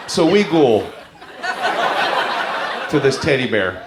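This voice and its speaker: Stand-up man, high lively voice, profane act-out storyteller; echoey club, roaring crowd. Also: normal speed. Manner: animated storytelling, profane, acts out characters. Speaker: stand-up comedian. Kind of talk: stand-up comedy set. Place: comedy club stage before a live crowd. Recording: echoey club room, loud crowd noise. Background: audience laughter.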